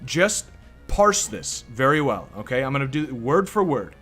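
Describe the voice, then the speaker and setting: Young guy ranting over his game, bright high voice, jumps all over, faint music behind. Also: very animated, measured pace, breathy edge. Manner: rambling, incredulous, swears. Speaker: let's play host. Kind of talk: casual game commentary.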